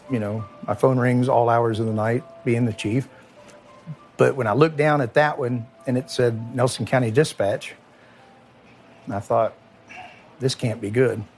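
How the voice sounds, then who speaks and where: Middle-aged man, Kentucky accent, former police chief; halting, emotional interview delivery over soft music. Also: mid-range voice. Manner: halting, emotional, many restarts and trailing off. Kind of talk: recorded interview recollection.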